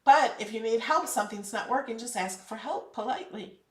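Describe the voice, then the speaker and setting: A woman's voice: a little high, a little fast, recorded from a distance. Chatty upbeat woman in echoey room. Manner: chatty, upbeat, encouraging, emphatic when advising. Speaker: craft channel host. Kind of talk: casual live tutorial.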